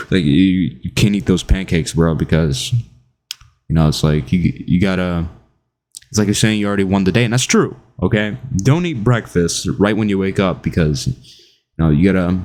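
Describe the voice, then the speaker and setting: A young man giving casual self-improvement advice in an animated, jokey way, acting out quotes. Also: low-pitched, moderate pace. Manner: animated, jokey, laughs at his own stories, acts out quotes. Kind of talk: casual talking-head advice video.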